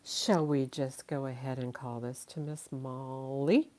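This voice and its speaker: A woman's voice: very deep voice, steady tone, measured pace, hardly any pauses, dark tone. A woman running a casual live-stream auction, chatty and thinking aloud, laughing often and a little tired. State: tired, yawning.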